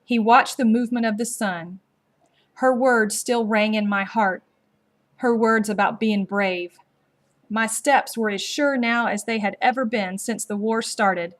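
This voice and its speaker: A woman narrating a story aloud in a slow, measured, gently expressive storybook reading. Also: on the high side.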